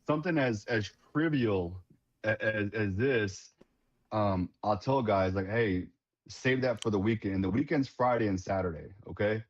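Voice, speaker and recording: A man's voice: lowish voice, a little slow, dull audio. A man who leads a veterans nonprofit, talking casually and earnestly, often restarting words and calling people "man". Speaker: veterans nonprofit leader, guest. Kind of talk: casual conversational storytelling.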